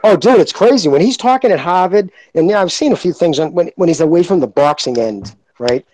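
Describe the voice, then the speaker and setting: A man's voice: high-pitched, animated, a little fast, darkish tone, a little hiss or hum, low-quality recording. A man in casual podcast chat, ranting heatedly and swearing freely.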